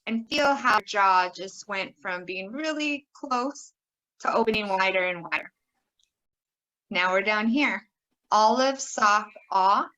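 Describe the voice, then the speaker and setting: Lady teaching vowel sounds, drawn out and careful, pretty bright and a bit high. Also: low-quality recording. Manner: slow, exaggerated modelling of vowel sounds. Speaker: pronunciation instructor. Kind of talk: recorded teaching video.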